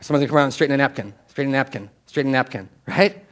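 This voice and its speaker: A male pastor preaching a sermon at a church service, talking conversationally and swinging between emphatic and hushed delivery. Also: mid-range voice, racing.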